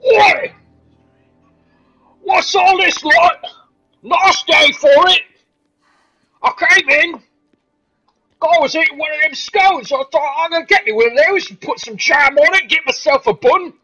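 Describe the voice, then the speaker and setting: Man putting on a loud fake-British bloke. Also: extremely high pitch, unhurried, pauses often, pitched above the performer's own voice, full character voice. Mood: cheery. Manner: loud, cheery, exaggerated bad accent. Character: boisterous fake-British working-class man. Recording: dull lo-fi stream audio.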